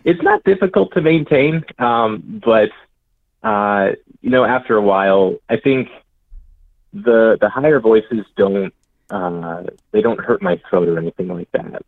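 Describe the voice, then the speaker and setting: A man's voice: lowish voice, sing-song, unhurried, vocal fry, no room sound. A young man, a voice actor, chatting in an interview, chuckling and hesitating with many fillers. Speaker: voice actor guest. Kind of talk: casual interview chat. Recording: tinny phone-like call line.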